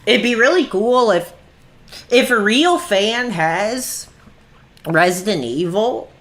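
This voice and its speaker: A man in his thirties chatting on a gaming livestream, irritable and quick to anger, saying "dude" all the time. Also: high voice, expressive, a bit bright, a little hiss or hum. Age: 30s. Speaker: streamer. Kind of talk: casual gaming livestream chat.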